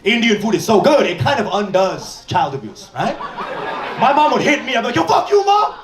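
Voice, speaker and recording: Stand-up man, animated storyteller, bright lively pitch, roomy club crowd. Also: a little fast, background noise. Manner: animated storytelling with character voices. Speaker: stand-up comedian. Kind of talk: stand-up comedy set. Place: comedy club stage. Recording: echoey distant club sound, loud crowd laughter.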